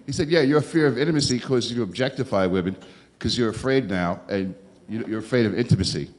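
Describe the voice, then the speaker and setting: A stand-up comic working a club crowd. He is sarcastic, with dry, deadpan asides, and sits at a middling pitch for a man. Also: fast talker. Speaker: stand-up comedian. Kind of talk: stand-up comedy set. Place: comedy club stage.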